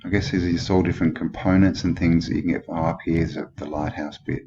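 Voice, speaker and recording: Deep-voiced Australian man musing aloud. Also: steady tone, quick pace. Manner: musing, skeptical, thinks aloud with many questions. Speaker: channel host. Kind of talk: rambling commentary over old photos. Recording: dull lo-fi with clear background noise.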